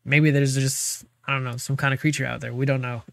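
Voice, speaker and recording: A man's voice: medium pitch, little pitch movement, moderate pace, gravelly, fairly bright tone. A man co-hosting a podcast, chatting in a laid-back way and laughing often. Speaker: podcast co-host. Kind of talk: casual chat.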